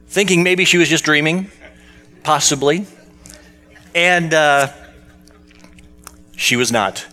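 A man's voice: on the high side, slow pace, long pauses, bright, forceful tone, faint music behind. A man preaching a sermon in a conversational storytelling way, asking the congregation questions as he goes. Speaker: pastor.

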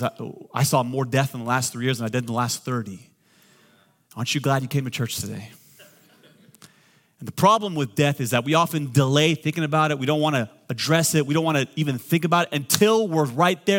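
A middle-aged man, a pastor, preaching a sermon with joking asides, swinging between loud and quiet. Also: medium pitch, a little fast.

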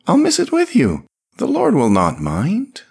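A man voicing a kindly older male priest who speaks with gentle pastoral concern. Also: on the high side, wildly swooping pitch, unhurried, creaky, breathy edge, voice pushed up, heavily acted. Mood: gently concerned. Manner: warm, soothing pastoral concern. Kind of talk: audiobook character reading.

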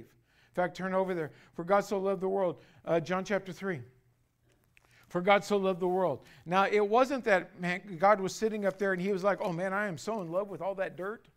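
A male pastor preaching a sermon, building to loud, drawn-out emphasis on key phrases and calling the congregation to repeat after him. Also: sits high, fairly even intonation.

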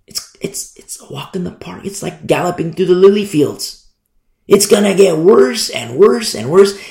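A man's voice: a little high, vocal fry, a little mellow. A man preaching a sermon, emphatic and fond of repeating phrases for effect. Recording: echoey room.

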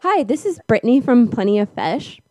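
A woman's voice: on the high side, very animated, brisk, a little mellow. A woman posing as a young female customer service manager, casual and breezy on a prank call.

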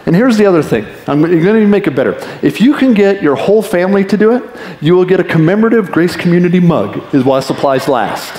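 A man preaching a sermon as pastor, talking to the congregation in a conversational, lively way with quick asides. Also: high-pitched. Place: church sanctuary. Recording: echoey church hall reverb.

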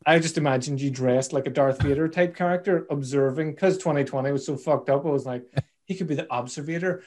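A man hosts a relaxed interview, talking at a middle pitch. He jokes, swears freely and drifts into rambling asides before he finds his way back to the question. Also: fairly quick. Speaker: podcast host. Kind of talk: casual interview chat.

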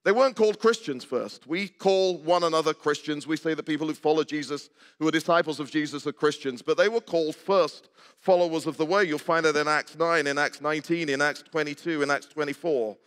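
An older man preaches a sermon in a church, his voice pitched a little above the usual. He keeps it conversational, putting questions to the congregation and cracking jokes. A long hall reverb trails after his words. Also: brisk, a bit bright. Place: church sanctuary.

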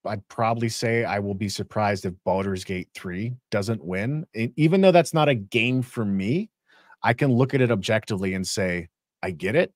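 A man co-hosting a podcast, chatting eagerly and restarting his sentences as he gets excited. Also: on the low side, moderate pace, dry recording, studio quality. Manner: enthusiastic, many restarts and fillers. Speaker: podcast co-host. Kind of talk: casual chat.

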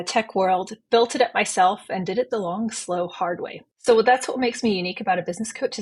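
A woman in her thirties, a business coach, talks as a podcast guest in a fluent, upbeat way. Her voice is a little husky and sits at a middle pitch. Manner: upbeat, fluent self-introduction with a few fillers. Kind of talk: podcast interview.

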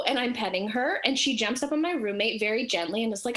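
A woman telling a personal story in casual chat, animated and acting out the voices of the people in it. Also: a little high, a little fast, few pauses.

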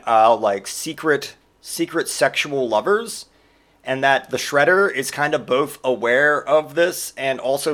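A man's voice: mid-range voice, a bit bright. A man in his forties hosting a podcast, delivering a sarcastic, profane comedic rant in casual monologue. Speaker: podcast host.

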